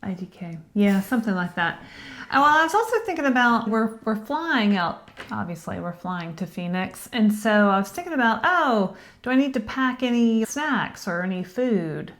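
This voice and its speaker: A woman's voice: mid-range voice, lively intonation, moderate pace, a bit bright. A woman co-hosting a casual chat show, talking in a rambling, chatty way and dropping to a whisper for asides. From Tennessee. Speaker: co-host.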